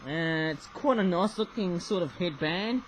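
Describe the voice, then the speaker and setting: A man's voice: sits high, lively intonation, unhurried, a little hiss or hum, rough recording. A man casually reviewing toys on his own channel, rambling and tacking "though, eh?" onto his sentences. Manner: rambling, keeps adding "though, eh?". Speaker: toy reviewer. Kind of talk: casual toy review vlog. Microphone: webcam.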